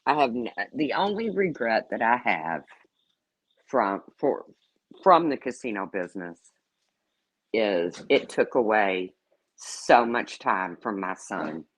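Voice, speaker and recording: A woman's voice: very deep voice, lively intonation, slow, husky, rough recording. A middle-aged woman telling candid stories in a casual way, swearing freely and acting out what people said. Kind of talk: casual storytelling.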